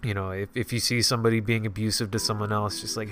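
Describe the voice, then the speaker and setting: A man hosting a casual solo podcast with a stuffy nose, talking in a halting way with lots of restarts. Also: on the low side, little pitch movement, fairly bright tone, soft background music. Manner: halting, many fillers and restarts. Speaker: podcast host.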